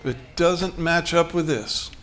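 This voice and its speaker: A man's voice: on the high side, slow, fairly bright tone. A man preaching a sermon in a conversational way, acting out short bits of dialogue and chuckling as he goes. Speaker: pastor.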